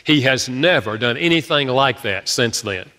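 A man's voice: mid-range voice, animated, moderate pace, sharp tone. A man, an author and speaker on relationships, telling stories in a talk and acting out the people he quotes. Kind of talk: storytelling talk. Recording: echoey hall.

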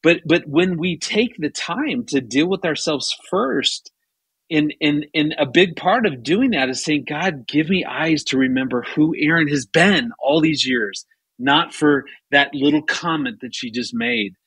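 A man's voice: a little high, unhurried, slightly rough, dry recording, poor audio. A man in his fifties, a guest, telling a personal story in conversation, often repeating words as he searches for them. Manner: repeats words while searching, lively when voicing his own thoughts.

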